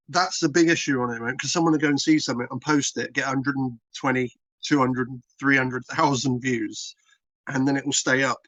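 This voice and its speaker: This British content creator, appearing as an interview guest, speaks at normal speed with fairly even intonation and a medium, mid-range pitch that's a little bright. He's casual, plain-spoken, rambling, and repetitive, and the dull, dry recording has no echo.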